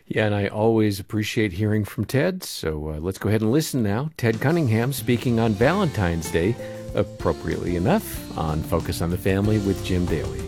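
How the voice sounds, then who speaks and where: A man co-hosting a radio show, reading smooth scripted introductions. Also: fairly low pitch, a little fast. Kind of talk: radio announcing. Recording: music bed under the voice.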